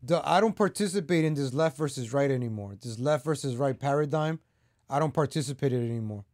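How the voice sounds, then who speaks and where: A man's voice: mid-range voice, expressive, fast talker, darkish tone, no room sound, clean studio sound. A man hosting his own political commentary vlog, talking straight to his viewers in a heated, repetitive rant. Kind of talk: ranting opinion vlog.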